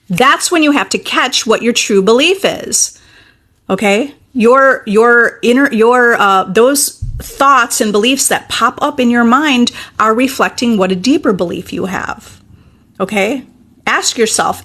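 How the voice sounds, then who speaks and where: A young adult woman who works as a manifesting coach speaks at a normal pace in a fairly high, slightly bright voice. Her teaching is casual and encouraging, with frequent "okay?" check-ins.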